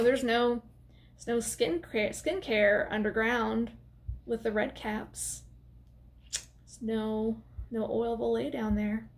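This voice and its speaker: A woman's voice: a little high, a bit bright. A woman casually retelling a horror film plot for her review vlog, chatty and full of fillers and restarts. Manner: chatty, laughs while telling. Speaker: movie review vlogger.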